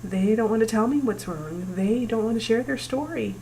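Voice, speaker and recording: A woman in her forties talking to camera about her family's past, emotional and halting, pausing often. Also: fairly high pitch, warm tone, slight background noise, rough recording. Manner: emotional, halting, breaks down at times. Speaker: vlogger. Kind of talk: personal talk to camera.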